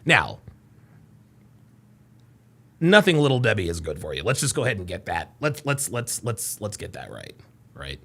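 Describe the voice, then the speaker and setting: Loud, bright, gravelly male stream host. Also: lowish voice, wildly swooping pitch, brisk. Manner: loud, exclaiming, swings between yelling and mumbling; crude, mocking banter. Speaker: reaction show host. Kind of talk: live-stream commentary reading super chats.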